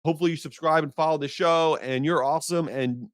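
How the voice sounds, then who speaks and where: A man's voice: a little high, fast, no room sound, clean studio sound. Exasperated man ranting on a podcast. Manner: animated, exasperated storytelling with comic outbursts. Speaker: podcast host. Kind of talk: casual solo podcast rant.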